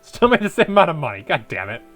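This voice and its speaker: A man doing a high, brash bird sidekick. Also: sing-song, fast talker, a bit bright, faint music behind. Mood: excited.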